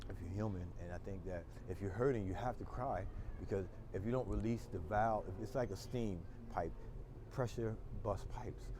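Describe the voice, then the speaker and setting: Loud joking older man on the street. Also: fairly low pitch, moderate pace. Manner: loud, joking, rambling storyteller. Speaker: local street personality. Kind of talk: casual chat while walking the street. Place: city street outdoors. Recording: outdoor street noise, traffic.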